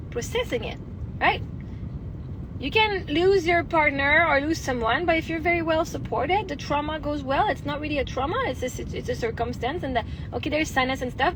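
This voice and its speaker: A young adult mother from Quebec, Canada, speaks with a Québécois French accent in a high voice over a noisy background. She chats candidly on a phone livestream, rambling and swearing freely.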